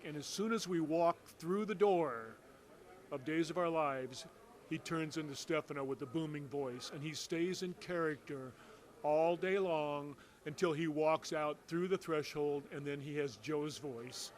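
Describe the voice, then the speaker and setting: A man with a slightly raised pitch reminisces about a colleague. He speaks in an expansive way and acts out the quotes. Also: unhurried. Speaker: soap opera actor. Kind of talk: casual reminiscing.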